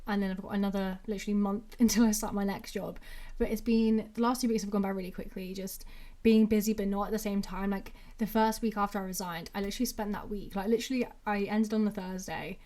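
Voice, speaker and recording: A woman's voice: mid-range voice, warm tone. Chatty young woman, Brummie-Manc accent. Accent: English, a mix of Brummie and Mancunian. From England. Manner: rambling and chatty, with constant "like" fillers. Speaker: podcast host. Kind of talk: casual solo podcast chat.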